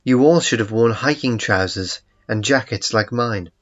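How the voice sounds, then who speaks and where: A man's voice: mid-range voice, normal speed, fairly bright tone, dull audio, natural voice. A man reading a blunt outdoorsy woman. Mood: matter-of-fact. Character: practical outdoorsy woman investigator.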